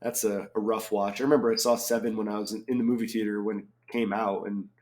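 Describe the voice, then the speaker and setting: A man's voice: fairly low pitch, little pitch movement, fast talker, a little mellow. A man in his forties, a chatty crossword solver who thinks aloud and wanders off on tangents, full of ums. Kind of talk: casual solo commentary while solving.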